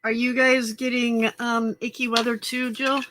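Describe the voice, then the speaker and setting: A woman's voice: a little high, little pitch movement, normal speed, a bit bright, a little hiss or hum. A woman hosting a casual late-night crafting livestream from home, chatting to viewers and talking to herself as she works. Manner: chatty, talks to herself while working, greets viewers. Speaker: livestream host.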